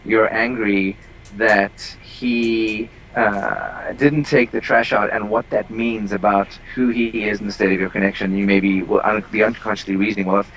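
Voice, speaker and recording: A man's voice: on the low side, flat delivery, normal speed, a bit bright, slight background noise, poor audio. A man working as a relationship coach, explaining at length as a guest on an interview call, with many ums and restarts. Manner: explanatory, long rambling sentences with many fillers.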